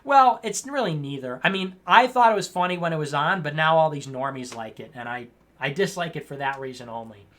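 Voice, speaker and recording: A man's voice: a little high, expressive, brisk, sharp tone. A man hosting a casual livestream show, reading viewer messages and answering with teasing, mock-scolding asides and rambling restarts.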